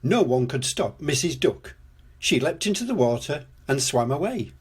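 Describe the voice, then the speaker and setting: An older man reading a children's storybook aloud, gently and expressively, as storyteller. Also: mid-range voice, big pitch swings, moderate pace, husky.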